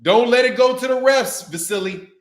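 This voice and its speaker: Animated man with a high voice. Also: normal speed. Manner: animated, slangy, laughs often, rambling. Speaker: boxing channel host. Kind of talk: casual livestream chat reading super chats.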